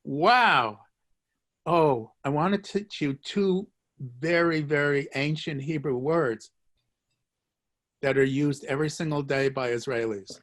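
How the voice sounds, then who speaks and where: Guy teaching a language lesson on a video call, kinda high voice, jokes around and cheers ppl on. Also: takes it slowly, fairly bright tone. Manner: jokey, encouraging, repeats phrases. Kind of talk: live online language lesson.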